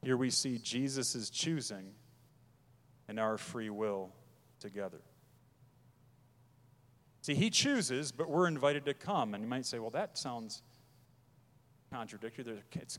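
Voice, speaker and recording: A man preaching a sermon as pastor, emphatic, pressing his points hard and then dropping his voice low. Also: lively intonation, measured pace, pauses often, a bit bright, long reverb tail.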